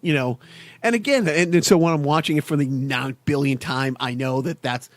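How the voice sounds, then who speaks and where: A man's voice: on the high side, normal speed, dry recording. A man co-hosting a podcast in casual chat, rambling and enthusiastic as he retells movie scenes. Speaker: podcast co-host.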